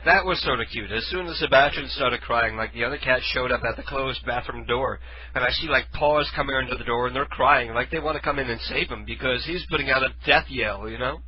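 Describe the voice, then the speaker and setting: A man hosts a radio show, chatting casually as he tells a rambling story and corrects himself along the way, mixing storytelling with running commentary. His voice sits in the mid range and moves briskly. The recording sounds muffled.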